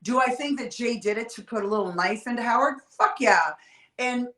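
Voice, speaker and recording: A woman telling stories in a casual, profane, animated way, as a guest on a livestream call. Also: on the high side, echoey room, low-quality recording. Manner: profane, animated, quick storytelling. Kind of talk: casual storytelling chat. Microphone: livestream video call.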